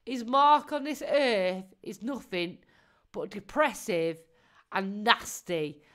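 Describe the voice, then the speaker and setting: Woman, live-stream commentary, mocking, laughs a lot, slightly high voice. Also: a bit bright. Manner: mocking, laughs often, swears casually.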